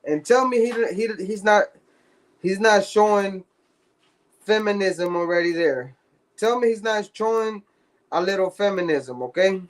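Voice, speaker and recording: A man's voice: high-pitched, a little slow, long pauses. A man telling stories in casual podcast chat, profane and slangy, laughing often. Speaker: podcast co-host.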